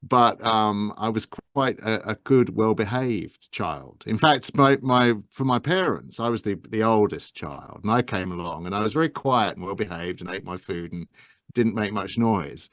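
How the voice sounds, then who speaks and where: A man in his fifties from England's Medway Towns with a softened Estuary accent, talking gently and modestly in an interview, with many fillers and restarts. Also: on the low side, normal speed, no echo, studio quality. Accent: softened Estuary English. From England, Medway Towns south of London. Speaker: guest, actor and narrator. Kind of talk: casual interview talk.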